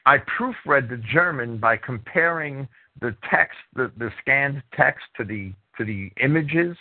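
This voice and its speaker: A man's voice: mid-range voice, lively intonation, a little slow. A man hosting a radio call-in show who talks in casual chat and keeps repeating and restarting his words. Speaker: radio talk show host. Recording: tinny phone-line sound.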